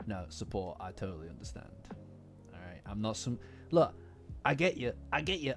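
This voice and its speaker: A man's voice: fairly low pitch, big pitch swings, normal speed, a bit bright. A man casually chatting with his live-stream chat, rambling and swearing, often breaking into laughter. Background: faint lofi music.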